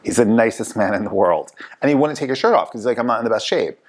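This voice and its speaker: A man hosting a casual talk show, telling lively stories and acting out the people he quotes. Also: lowish voice, fast talker. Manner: animated storyteller, acts out quoted people. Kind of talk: casual chat.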